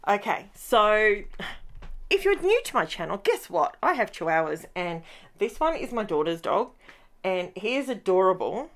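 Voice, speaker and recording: A woman's voice: medium pitch, a bit bright. A middle-aged woman, hosting a casual scrapbooking tutorial from her home craft room, chatty and rambling as she works. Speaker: scrapbooking channel host.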